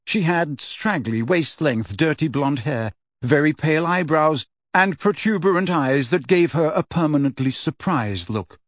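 A man narrating an audiobook in a measured, steady storytelling voice. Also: a little high, no room sound.

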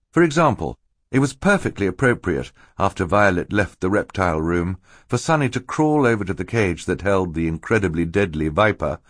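Low-voiced male narrator, dry and ironic, with lively intonation, recorded close and dry. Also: dry recording. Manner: wry, dryly ironic storytelling. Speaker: audiobook narrator. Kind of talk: scripted narration.

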